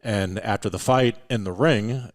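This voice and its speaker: A man talking in a relaxed, casual way as a podcast guest, filling his speech with "like" and "you know". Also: fairly low pitch, measured pace, no echo. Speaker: podcast guest, meditation and breathwork practitioner. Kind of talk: casual chat.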